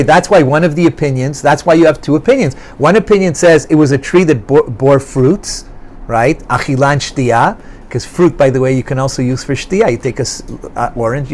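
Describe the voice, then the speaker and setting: A man teaching a Torah class to students, asking them questions and repeating key phrases as he explains a verse. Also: on the high side.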